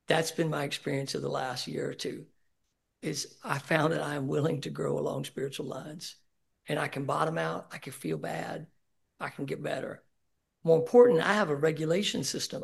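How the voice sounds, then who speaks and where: Gravelly middle-aged man sharing at a meeting. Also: on the high side. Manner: candid, emotional, swears casually. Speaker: speaker sharing at a recovery meeting. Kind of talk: personal share at a support group. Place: meeting room.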